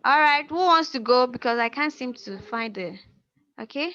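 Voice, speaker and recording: A woman's voice: high-pitched, animated, moderate pace, sharp tone. A woman teaching a language class over a video call, patiently repeating words and prompting her students. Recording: muffled video call audio.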